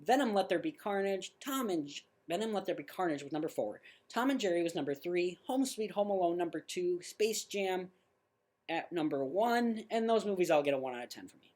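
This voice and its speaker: A male podcast host giving casual movie reviews in a blunt, ranting way. He is opinionated and quick to dismiss what he dislikes. He often trips over his words and corrects himself mid-sentence. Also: high-pitched, expressive, darkish tone.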